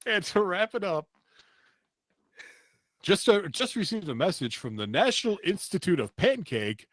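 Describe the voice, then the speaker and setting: A man hosting a comedy podcast, telling stories in an animated, self-mocking way and laughing often. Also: high-pitched, measured pace, dry recording. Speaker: podcast host. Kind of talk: casual comedic chat.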